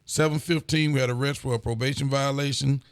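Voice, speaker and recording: A man, a sheriff hosting a casual local show, relaxed and folksy as he reads out viewer greetings. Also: mid-range voice, fairly quick, smooth. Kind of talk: casual call-in style show chat.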